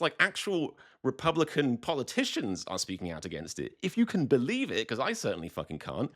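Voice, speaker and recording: British male host, mocking and sarcastic, animated delivery, mid-range voice. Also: mid-range voice. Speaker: political commentary host. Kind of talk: scripted political commentary.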